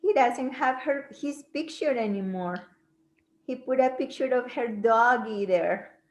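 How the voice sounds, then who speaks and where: A woman student reading a letter aloud slowly and carefully in an English class. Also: fairly high pitch, roomy sound.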